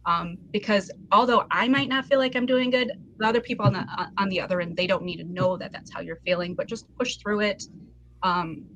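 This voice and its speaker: A woman's voice: mid-range voice, fairly bright tone, slight background noise. Earnest emotional woman guest. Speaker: podcast guest, live seller. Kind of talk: casual chat.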